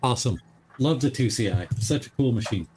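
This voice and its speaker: A man chatting on a livestream in a relaxed, jokey way. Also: medium pitch, fairly quick, a little hiss or hum. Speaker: stream guest. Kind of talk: casual livestream chat.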